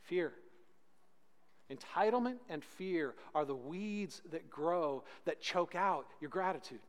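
A man preaching a sermon as pastor, swinging between loud emphatic peaks and hushed, slow lines. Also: fairly high pitch, expressive, long reverb tail.

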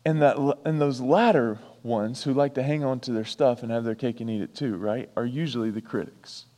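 A man's voice: medium pitch, moderate pace, mellow. Man preaching, repeating lines, in a hall. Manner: repeats lines for emphasis, chatty asides. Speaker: pastor. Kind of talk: sermon.

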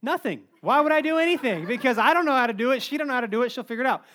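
A man in his thirties preaching a sermon, telling funny stories in an animated, joking way. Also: very high voice, very fast. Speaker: pastor.

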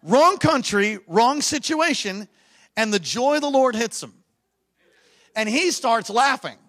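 A male preacher with a very high, bright voice delivers a lively sermon. He tells stories with animated energy, breaking into laughter and shouting out emphatic, repeated declarations. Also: measured pace.

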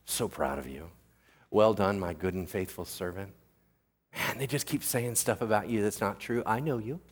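A preacher putting on Jesus as a grown man who talks like a close friend, relaxed and reassuring. The speech is everyday and informal, with no formal or lofty tone. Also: on the low side, moderate pace, husky. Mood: tender. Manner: casual, buddy-like talk.

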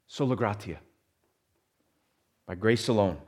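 Male pastor, sermon delivery, swings between forceful emphasis and hushed conversational asides. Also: mid-range voice, lively intonation, measured pace, long pauses.

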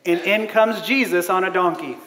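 A man with a very high voice preaches a lively sermon, laughing often and acting out the people he quotes. His voice carries through a church hall with a long, roomy reverb. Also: normal speed. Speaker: pastor. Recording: echoey hall.

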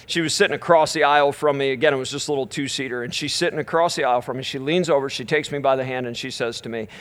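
A middle-aged man preaching as a minister, telling a story with animated energy and easing into soft, slow prayer. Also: mid-range voice. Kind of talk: storytelling sermon at a live church event.

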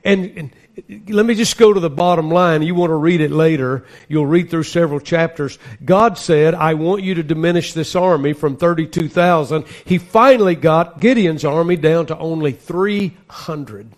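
A pastor delivers a sermon in an earnest, emphatic way, leaning into scripture as he reads it aloud. His voice sits somewhat high for a man. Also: normal speed.

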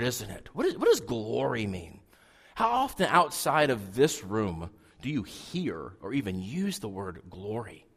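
A man preaching a sermon to a congregation, swinging from loud emphasis down to hushed, near-whispered lines. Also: on the high side. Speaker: pastor. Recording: long hall reverb.

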